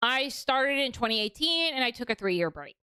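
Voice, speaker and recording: A woman's voice: sits high, very animated, moderate pace, bright, forceful tone, clean tone, no echo. A young adult woman hosting a casual commentary livestream, talking bluntly with lots of swearing. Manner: blunt, profane, ranting. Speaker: stream host.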